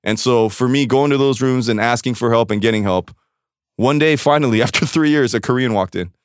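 A man's voice: mid-range voice, a little fast, clear, resonant tone, no room sound, studio quality. A man speaking candidly as a podcast guest, searching for words and swearing freely. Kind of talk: candid conversation.

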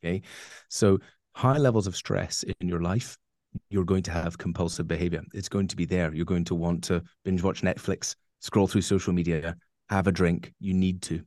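A man's voice: deep voice, darkish tone, no echo, clean studio sound. A man answering interview questions as a coach, emphatic and rambling, with many fillers and restarts. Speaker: guest coach.

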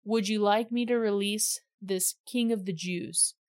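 A woman's voice: medium pitch, steady tone, unhurried, no room sound, clean studio sound, lightly acted. A woman reading the lines of a probing, impatient Roman governor in a scripture reading, with little change of voice. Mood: questioning.

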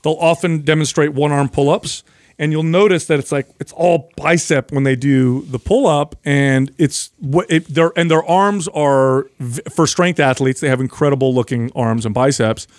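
A man co-hosting a casual fitness chat, telling stories and explaining exercises with lively energy. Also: fairly high pitch, normal speed, no room sound, clean studio sound. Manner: animated storyteller, explains while demonstrating. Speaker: podcast co-host.

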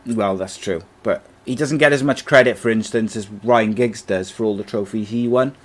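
Chatty low-voiced man hosting football talk. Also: moderate pace. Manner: chatty, reads out listener comments. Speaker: podcast host. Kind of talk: casual football chat.

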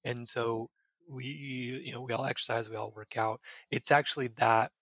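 A man's voice: medium pitch, fairly even intonation, moderate pace, fairly bright tone, husky, no room sound. A man, a psychiatrist guest on a podcast, earnestly explaining ideas with everyday examples. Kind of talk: casual podcast advice.

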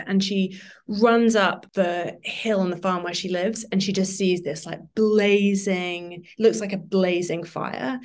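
A woman author talking about books as a podcast guest, effusive and rambling, full of restarts and "like"s. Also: fairly low pitch. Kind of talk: casual book chat.

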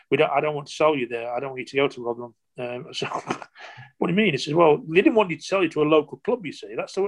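Older male, ex-footballer guest; chatty, halting storyteller, acts out old conversations. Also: mid-range voice. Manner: rambling anecdotes with many restarts and quoted dialogue. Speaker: former footballer. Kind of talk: interview storytelling.

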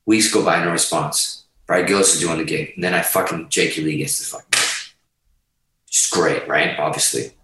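A man in his fifties, a guitarist guest on a podcast, telling stories in a profane, animated way and laughing through them. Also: very deep voice, a little fast. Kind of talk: storytelling in casual chat. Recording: very echoey room, far from mic.

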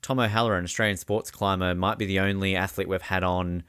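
A host asking questions in a relaxed, conversational way. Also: low voice, fast talker, clean tone, dry recording, clean studio sound. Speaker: podcast host. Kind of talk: casual interview.

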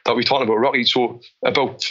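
Bloke, bright edgy voice, chatty storyteller, keeps stumbling and restarting. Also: male voice, medium pitch, fast talker, dull audio. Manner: animated storyteller with many restarts. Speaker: guest, boxing coach. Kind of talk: interview conversation.

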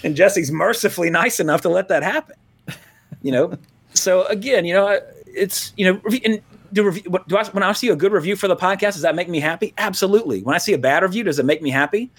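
Podcast guy rambling off on tangents, laughs a lot, kinda high voice. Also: fast, husky. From Louisiana, US. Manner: tangential, laughs often, many restarts. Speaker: podcast co-host. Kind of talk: casual rambling podcast chat.

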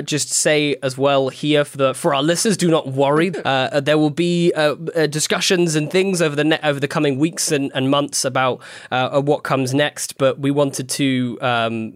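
A man's voice: on the high side, normal speed, dry recording, clean studio sound. A man co-hosting a casual podcast chat, talking in long, winding sentences as he thinks aloud. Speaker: podcast co-host.

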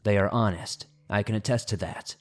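Man reading horror stories in a low voice. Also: moderate pace. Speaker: horror story narrator. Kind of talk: scripted narration of listener horror stories.

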